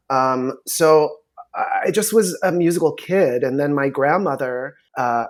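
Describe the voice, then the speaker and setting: A man, a talent manager, recounting his past in a relaxed podcast interview, acting out the people he quotes. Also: medium pitch. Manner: storytelling, animated quoting of others.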